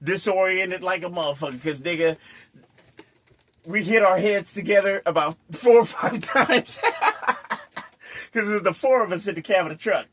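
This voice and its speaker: High-voiced man telling a crude story. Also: normal speed, fairly bright tone, a little hiss or hum. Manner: crude, swearing storyteller who laughs often and acts out scenes. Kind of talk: casual anecdote telling.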